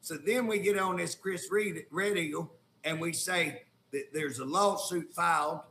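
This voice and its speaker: Indignant Oklahoma legislator, folksy talker with a higher pitch and a gravelly edge; echoey room. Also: male voice, measured pace, sharp tone, a little hiss or hum. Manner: folksy, indignant storytelling with colloquial grammar. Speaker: state legislator, guest. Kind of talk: casual talk show conversation.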